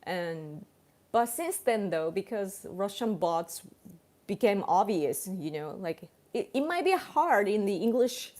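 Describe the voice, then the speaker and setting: Slow-talking Japanese woman chatting. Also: mid-range voice, big pitch swings, darkish tone. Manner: chatty, many fillers and restarts, laughs often. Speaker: livestream host. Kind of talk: casual livestream chat.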